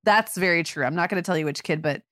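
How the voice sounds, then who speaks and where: A woman's voice: fairly low pitch, fast talker, a bit bright, no room sound, clean studio sound. A middle-aged woman from Michigan co-hosting a parenting podcast, chatting casually and filling her talk with "like.". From Michigan, USA. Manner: chatty, many "like" fillers. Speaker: podcast co-host and mother. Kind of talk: casual chat.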